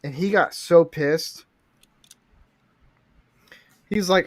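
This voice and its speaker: Slow-talking foul-mouthed male streamer. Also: on the high side. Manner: foul-mouthed, rambling, self-described redneck. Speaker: livestream host. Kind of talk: casual crude chat while building Lego.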